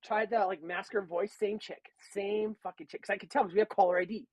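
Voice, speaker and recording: A man's voice: high voice, steady tone, brisk, a little mellow, no room sound, rough recording. A man on a podcast, telling a work story in a casual, rambling way and swearing a lot. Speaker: podcast co-host.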